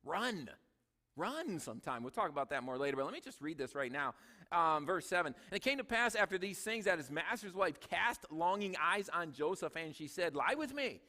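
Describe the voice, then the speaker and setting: High bright-voiced male pastor preaching. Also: animated, moderate pace, big-room sound. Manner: conversational, joking asides. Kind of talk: sermon. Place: church sanctuary.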